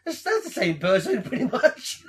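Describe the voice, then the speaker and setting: A man co-hosting a podcast in casual chat, animated and swearing, laughing as he acts out quotes. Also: very high voice, normal speed. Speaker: podcast co-host.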